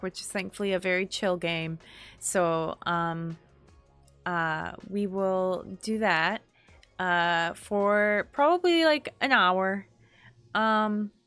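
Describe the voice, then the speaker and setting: Young adult woman streamer, sleepy and unhurried, casual chatter at a mid pitch. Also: fairly bright tone, smooth, no room sound. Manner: slow, drowsy chatter with frequent laughs and sighs. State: tired. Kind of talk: casual gaming stream chat.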